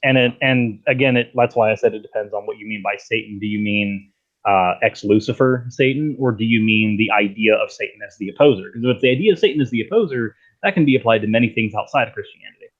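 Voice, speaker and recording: A man's voice: fairly low pitch, fast, muffled recording. A man as a guest in a casual debate, speaking bluntly and emphatically.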